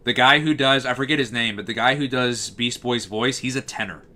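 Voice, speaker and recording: A man with a low bass-baritone voice chats casually as a livestream host. His tone is bright and forward, at an ordinary pitch for a man. He talks freely and answers messages from chat as they come in. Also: brisk, slight background noise.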